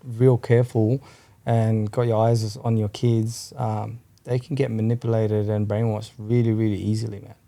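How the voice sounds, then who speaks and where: A man's voice: on the low side, level tone, moderate pace, creaky, mellow. A man from Australia, a podcast guest, rambling in casual chat and swearing freely as he keeps checking "you know what I mean.".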